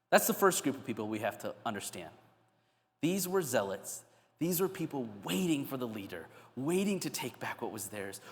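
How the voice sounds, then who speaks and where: A male pastor preaching a sermon, telling the story with animated, acted-out scenes. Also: medium pitch. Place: church. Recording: echoey church hall.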